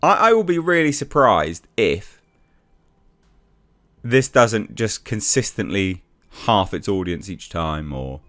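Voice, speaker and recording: A man's voice: fairly low pitch, sing-song, slow, a bit bright. A man giving a blunt, exasperated casual review rant, with frequent restarts and swearing.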